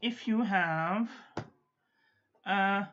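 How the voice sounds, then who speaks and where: A chatty woman hosts a casual live stream about pens and ink, talking straight to her viewers. She keeps clearing her throat, and now and then her voice drops to a mutter. Her mid-pitched voice comes through a slightly dull, lo-fi desk mic. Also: extremely slow, fairly bright tone, slight background noise. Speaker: host of a live-streamed ink review show.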